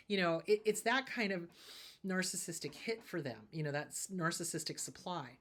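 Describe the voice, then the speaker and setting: A woman's voice: fairly low pitch, animated, brisk. A woman therapist hosting a show, giving advice in a casual, emphatic way and repeating her key points. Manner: emphatic and repetitive, drives points home.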